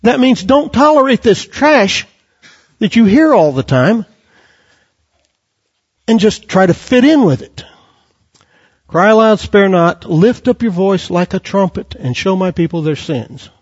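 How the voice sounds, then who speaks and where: A man delivers a fiery sermon in a high, husky voice that leaps around in pitch. He quotes scripture and presses his listeners with rhetorical questions. The recording is dull and lo-fi. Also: animated, unhurried, pauses often. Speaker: preacher.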